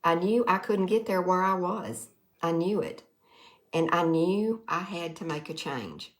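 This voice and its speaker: In an unhurried, low-side voice, a middle-aged Mississippi Delta woman with a Southern accent offers a heartfelt testimonial to camera. A direct sales vlogger, she comes across earnest and folksy and tends to repeat herself.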